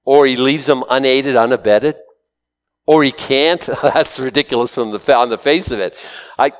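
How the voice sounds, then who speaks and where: A middle-aged man, a pastor, preaching a conversational sermon and getting animated, his voice jumping up when he is excited. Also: mid-range voice, moderate pace.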